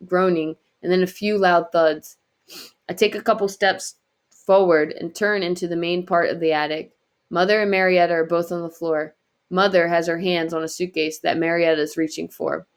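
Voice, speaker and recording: Woman reading a novel aloud, lowish voice. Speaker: audiobook reader.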